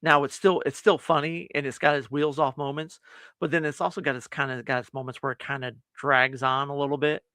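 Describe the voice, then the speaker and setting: A man co-hosting a laid-back movie review chat, his voice bright and forward, recorded close and dry. He rambles through the plot and acts out the lines of the characters as he goes. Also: medium pitch, flat delivery, brisk, no room sound. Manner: rambling, retells scenes with quoted lines. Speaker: podcast co-host.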